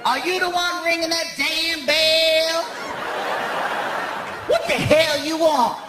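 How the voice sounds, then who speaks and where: A man voicing a rude, sassy night-shift hotel clerk woman who scolds loudly. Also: sits high, unhurried. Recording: echoey hall, loud crowd and noise.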